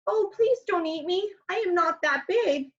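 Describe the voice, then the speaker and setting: A woman voicing a timid male billy goat begging a troll not to eat him, in a higher pleading voice. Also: animated, unhurried, dull audio.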